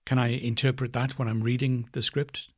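A man with a husky, slightly breathy voice talks through a voice exercise. He speaks slowly and thoughtfully, stretching phrases and shifting the stress between words to show how the meaning changes. His pitch sits in an ordinary middle range. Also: little pitch movement. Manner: slow, thoughtful, varies stress for demonstration. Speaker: voice coach. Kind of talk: reflective spoken lesson.

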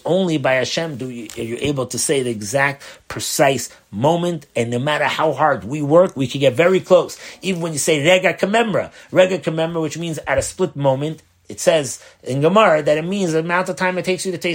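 A man, a rabbi, teaching a Torah lesson in earnest, posing questions and mixing Hebrew terms into his English. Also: fairly high pitch.

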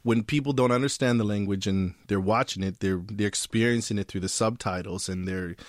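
A filmmaker speaking in an interview, thoughtful and halting, often restarting his sentences. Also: lowish voice, steady tone, no echo, clean studio sound. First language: not fluent in his heritage language. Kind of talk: interview conversation.

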